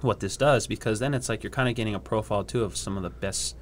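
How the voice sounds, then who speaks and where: A young man from Hawaii, a surfer and scientist appearing as a podcast guest, casually tells surf stories, acting out other people's voices and laughing often. His voice is lowish and fast, with a little hiss or hum in the audio.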